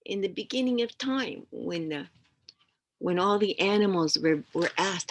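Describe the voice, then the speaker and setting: An older woman teaching through stories outdoors in a slow, gentle, plain-spoken way, dropping in Ojibwe words. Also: medium pitch, animated. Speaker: elder teacher. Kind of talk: oral storytelling lesson.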